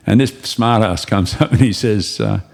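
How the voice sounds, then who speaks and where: A low-pitched Australian man in casual chat, rambling through long anecdotes with easy chuckles. His voice sits on the low side for a man and he speaks as a guest being interviewed. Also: big pitch swings, unhurried, gravelly, a little mellow. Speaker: guest, racing driver.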